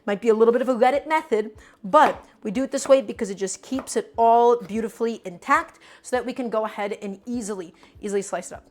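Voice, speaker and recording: A woman with a slightly high voice runs a live cooking lesson from her home kitchen. She talks easily and constantly, walking viewers through each step and calling them "guys" as she coaches them along. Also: fast. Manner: chatty and coaching, addresses the audience as "guys" and repeats "go ahead". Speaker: cooking streamer. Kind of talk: live cooking stream, chatting with viewers while prepping.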